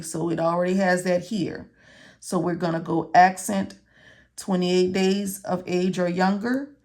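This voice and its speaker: In a casual tutorial, a woman instructor takes students through medical coding notes step by step. Her voice is low, gravelly, and a little mellow, and she keeps checking in with "okay?" and "all right?"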